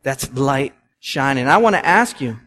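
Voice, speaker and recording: A young man, a pastor preaching a sermon, telling stories with swings from loud to hushed. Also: medium pitch, expressive, a little slow, slight background noise. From Massachusetts.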